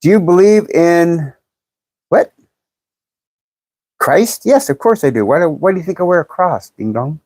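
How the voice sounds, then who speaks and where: A woman's voice: on the low side, expressive, unhurried, pauses often, darkish tone, no room sound. A woman in her fifties chatting bluntly and jokingly on a livestream, reading viewer comments aloud and laughing often. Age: 50s. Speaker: livestream host. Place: in California.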